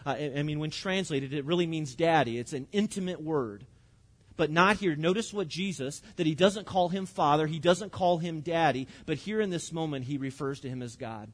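A man, preaching a sermon in an earnest, conversational way and slowing down to stress scripture. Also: fairly high pitch. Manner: earnest and conversational, with frequent restarts and slowed emphasis on scripture. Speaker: pastor.

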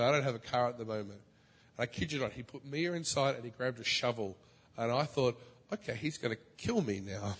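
A man preaching a sermon in a church, telling a story in a lively way, rising to loud, high outbursts and dropping to soft, low asides. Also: fairly quick, husky. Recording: long reverb of a large hall.

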